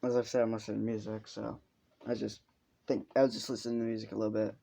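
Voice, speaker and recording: A man's voice: on the low side, flat delivery, fast talker, gravelly, warm tone. Young guy rambling thru a fan story, lots of ums, swears, laughs at himself. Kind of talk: casual improvised storytelling.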